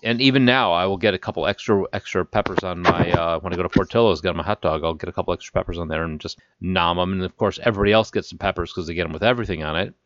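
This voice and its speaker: A man from the Chicago area telling stories on a podcast, animated and laughing as he acts out quotes. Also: low voice, very fast, hardly any pauses, no room sound, highs cut off. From Chicago area, Illinois. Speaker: podcast co-host. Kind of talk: casual chat.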